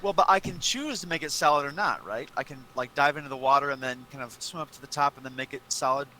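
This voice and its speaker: Casting: man, tabletop player, bright forward tone, halting and hesitant, faint hiss behind. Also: medium pitch. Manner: halting, thinks aloud with many fillers. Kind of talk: playing a tabletop game.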